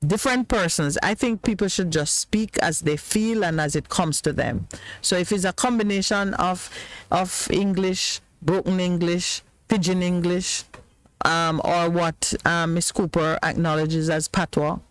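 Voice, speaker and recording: High-voiced Jamaican man hosting a radio talk show. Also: fairly even intonation, measured pace, a bit bright, no echo, low-quality recording. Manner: laughs often, chatty and joking. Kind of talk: casual talk show discussion.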